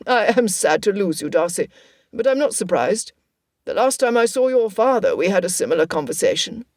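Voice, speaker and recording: A woman's voice: medium pitch, sing-song, normal speed, dry recording, studio quality. A woman voicing a stately older royal man, formal and authoritative, in an audiobook.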